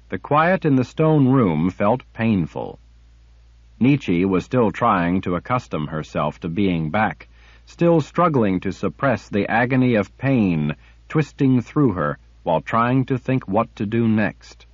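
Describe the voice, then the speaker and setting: Slow, low-voiced male audiobook narrator. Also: expressive, no echo. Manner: measured, dramatic storytelling. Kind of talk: scripted narration. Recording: dull lo-fi audiobook recording.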